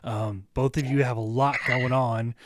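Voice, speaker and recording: A man's voice: mid-range voice, fairly even intonation, a little slow, noisy background. Easygoing male livestream host. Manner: easygoing, asks questions. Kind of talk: livestream interview.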